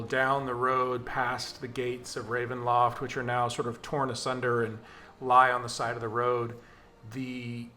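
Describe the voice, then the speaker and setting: A man running a tabletop game narrates scenes in an unhurried, descriptive flow. His voice sits at a middle pitch, and faint music plays behind him. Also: pushed and bright. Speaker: game master.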